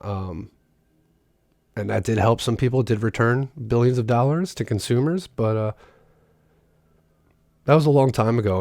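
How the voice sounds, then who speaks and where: A man's voice: lowish voice, moderate pace, long pauses, warm tone, no room sound, studio quality. Sarcastic man reading news aloud. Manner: sarcastic, breaks off to mock the text. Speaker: political commentator.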